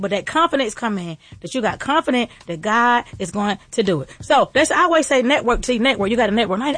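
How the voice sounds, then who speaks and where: A woman who owns restaurants, giving a motivational faith talk in a preachy, repetitive, rallying cadence. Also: fairly high pitch.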